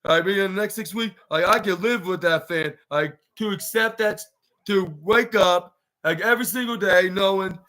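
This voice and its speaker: Rambling high-voiced man recapping a show. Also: moderate pace, pushed and bright. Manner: rambling, heavy use of "like" and restarts. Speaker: wrestling podcast host.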